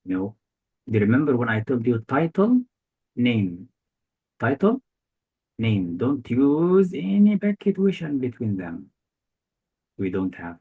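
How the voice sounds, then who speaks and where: A man's voice: medium pitch, sing-song, measured pace, husky, phone-quality sound. A male tutor giving a one-on-one grammar lesson, quizzing his student with short repeated questions. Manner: quizzing, repetitive questions, non-native phrasing. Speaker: English test tutor.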